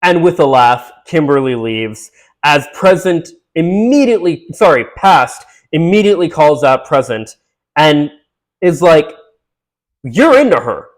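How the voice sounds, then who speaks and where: A man's voice: on the high side, animated. A man casually recapping a film, rambling with fillers and restarts, and briefly acting out the characters' lines. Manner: acts out characters' lines in quick voices. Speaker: movie recap host.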